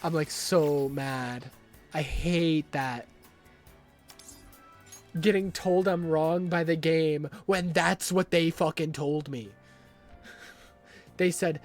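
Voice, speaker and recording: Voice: medium pitch, slow pace, pauses often, faint music behind. A livestreamer commenting on a game while playing, ranting in exasperated, swearing outbursts and repeating phrases over and over. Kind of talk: live gaming commentary.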